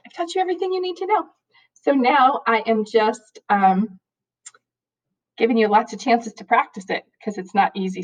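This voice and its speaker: A middle-aged woman, a high school math teacher, chatting casually and rambling to her students from home, laughing often. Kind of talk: casual video chat to students. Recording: dull lo-fi recording.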